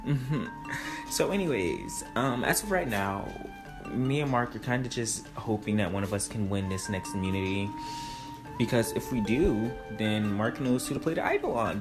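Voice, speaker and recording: Rambling man in a game confessional. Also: fairly low pitch. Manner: exasperated, rambling. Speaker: reality game contestant. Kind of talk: casual confessional. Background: background music.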